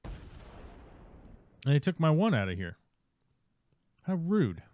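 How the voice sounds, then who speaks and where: A man's voice: medium pitch, very animated, a little slow, a little mellow. A male streamer giving casual, wry commentary while he plays a strategy game live.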